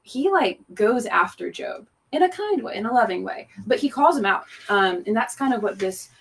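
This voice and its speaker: A young worship leader chats casually about a song between sets, in a fairly high, expressive voice that is gravelly, husky, and fairly bright, at a moderate pace. She's chatty, fills her talk with "um" and "like", and laughs easily.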